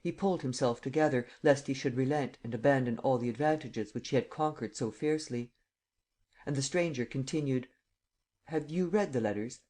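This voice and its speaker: A man narrating a classic novel in a measured, steady way. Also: medium pitch. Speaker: audiobook narrator. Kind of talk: scripted narration.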